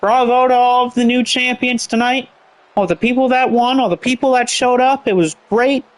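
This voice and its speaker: A man's voice: extremely high pitch, steady tone, moderate pace. A man doing rambling play-by-play commentary on a wrestling show, heavy on fillers.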